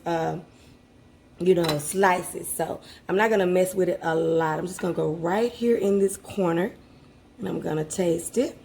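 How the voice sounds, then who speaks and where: A woman's voice: lowish voice, mellow, a little hiss or hum. A woman hosting a casual home cooking vlog, chatty and heartfelt, talking straight to her viewers from her kitchen. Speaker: cooking channel host.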